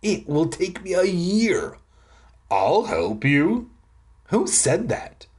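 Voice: medium pitch, wildly swooping pitch, a little slow, husky, pitched above the performer's own voice, full character voice. A reader voicing a nervous twelve-year-old boy who stammers in panic. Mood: panicky. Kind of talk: audiobook reading.

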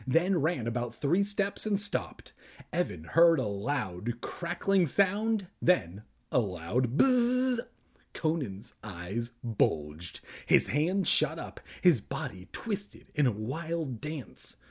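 A man's voice: medium pitch, darkish tone, slightly rough. A young man reading a children's book aloud for laughs, breaking off into crude, self-deprecating jokes. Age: young adult. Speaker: reader and comedian.

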